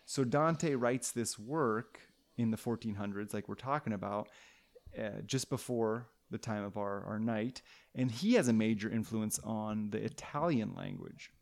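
A man's voice: lowish voice, unhurried. A man hosting a podcast, telling a history story in casual chat, playful and rambling with restarts and tangents.

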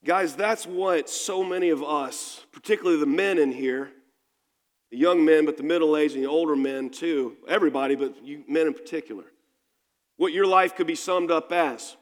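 A man's voice: fairly high pitch, normal speed. A man preaching a sermon in a conversational, storytelling manner, with frequent restarts. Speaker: pastor. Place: church sanctuary. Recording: long reverb of a church hall.

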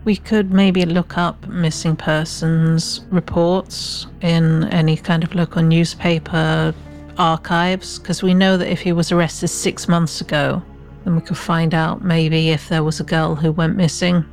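A woman with a fairly low voice talks through ideas in a casual tabletop game session. Her manner is thoughtful and planning, with faint music behind. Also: flat delivery, unhurried, a little mellow. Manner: thoughtful, suggests plans. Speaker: player.

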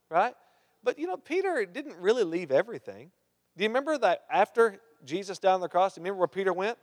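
A man preaches a sermon, reading Bible verses aloud and stopping to quiz and joke with the congregation. His voice sits on the high side for a man. It rings out with the long reverb of a big hall. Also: very animated, quick pace. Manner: reads scripture, then asks the crowd questions and jokes. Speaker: pastor.

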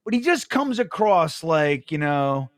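Sports podcast co-host, male, high-pitched and dry, blunt ranting delivery. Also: very animated, unhurried, dry recording. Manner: blunt, grumpy, swears freely. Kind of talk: casual sports talk.

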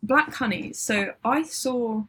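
A woman's voice: on the high side, slow, fairly bright tone, husky. A woman co-hosting a casual music podcast, rambling and laughing as she talks. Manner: rambling, self-interrupting, laughs often. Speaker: podcast co-host. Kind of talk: casual chat about music.

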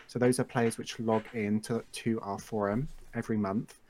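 A man's voice: on the low side, steady tone, a little mellow. English guy guesting on a podcast, casual and chatty, laughs at himself a lot. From England. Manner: chatty, self-deprecating, quick laughs. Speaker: game server team member, guest.

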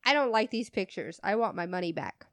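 A woman voicing a rude, demanding female customer who insists loudly and angrily. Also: mid-range voice, animated, fairly quick, no echo, natural voice.

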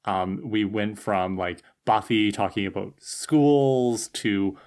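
A man with a somewhat low voice discusses an episode in casual podcast conversation. He thinks out loud and leans on fillers. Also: steady tone, slow. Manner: thoughtful, loose with fillers like "you know" and "like". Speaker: podcast co-host. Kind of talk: casual chat.

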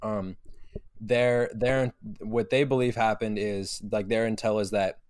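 A man's voice: on the low side, fairly even intonation, measured pace, darkish tone, clean tone, dry recording, studio quality. Rambling, swearing podcast guy. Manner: rambling, profane, many fillers. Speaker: podcast co-host. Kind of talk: casual sports chat.

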